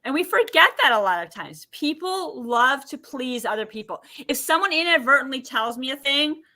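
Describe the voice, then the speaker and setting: Bright, animated woman telling stories. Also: high-pitched, moderate pace. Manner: animated storyteller acting out quotes. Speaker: podcast guest, emotion healer. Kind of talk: podcast interview storytelling.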